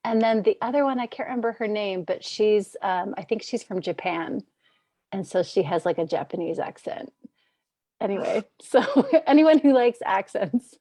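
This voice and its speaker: A woman's voice: medium pitch, animated, normal speed, warm tone, no room sound. A woman joining a workshop call, giggly and a little bashful as she chats with enthusiasm. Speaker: workshop participant. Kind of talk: casual chat.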